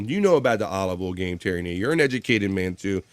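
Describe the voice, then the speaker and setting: A man's voice: deep voice, expressive, fast talker, very noisy. A man hosting a live stream, joking loosely and cursing often as he reads viewer comments and news stories aloud. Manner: loose, profane, joking banter with frequent laughs.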